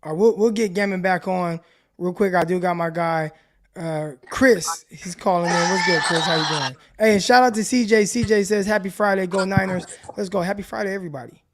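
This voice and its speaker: A man with a high voice hosts a casual sports podcast in a relaxed, friendly way, welcoming callers. A faint hiss sits under his voice. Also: fairly quick. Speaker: podcast host.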